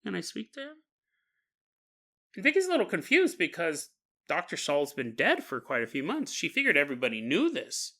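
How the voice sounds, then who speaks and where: Bright, lively-voiced podcast storyteller man. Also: a little high, fairly quick. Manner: casual, chuckling asides. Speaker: podcast host. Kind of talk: storytelling narration.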